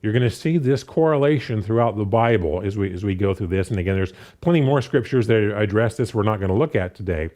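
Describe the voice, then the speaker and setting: A man's voice: on the low side, quick pace, few pauses. A man preaching a sermon in a conversational way, reading scripture aloud, with frequent restarts and "you know" fillers. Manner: reads scripture aloud and paraphrases it with animated voices.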